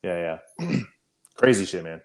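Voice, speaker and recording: In a low, sing-song voice at a slow pace, an army veteran co-hosting a podcast recounts an army story. His telling is casual and profane, packed with fillers and restarts.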